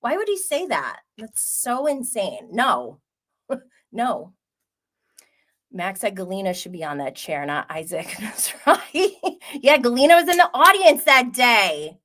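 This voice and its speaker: A woman's voice: a little high, a little slow. A woman hosting a live stream, chatting casually and gossiping, reacting to comments with frequent laughs. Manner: animated, gossipy, laughs often, reads chat aloud. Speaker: host.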